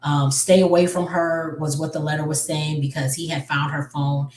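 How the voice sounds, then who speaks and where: A woman's voice: deep voice, flat delivery, normal speed, darkish tone. A woman casually retelling a movie's story, rambling with lots of fillers and self-corrections. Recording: roomy, distant mic.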